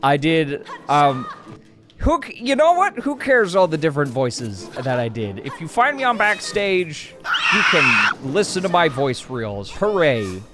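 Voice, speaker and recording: A man's voice: fairly high pitch, unhurried. Joking young man over game music. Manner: animated, joking, slips into silly voices. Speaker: Let's Play co-host. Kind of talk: casual gaming chat.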